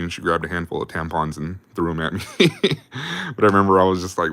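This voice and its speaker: A man's voice: sits low, steady tone, fairly quick, sharp tone, dry recording, studio quality. A young adult man telling army stories on a livestream in a casual, rambling, profane way, laughing often. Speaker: livestream host.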